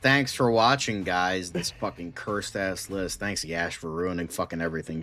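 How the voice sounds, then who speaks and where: A man co-hosting a casual podcast chat, deadpan and sarcastic, swearing freely. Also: sits low, unhurried. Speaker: podcast co-host.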